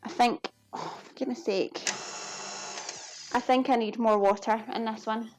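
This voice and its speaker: A Scottish woman from the Glasgow area with a fairly high voice chats away while she cooks, chatty, self-deprecating and quick to laugh. She talks to her viewers as she works, and faint music plays behind her. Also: fairly even intonation. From Scotland. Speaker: live cooking streamer. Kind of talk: casual chat while cooking and reading chat.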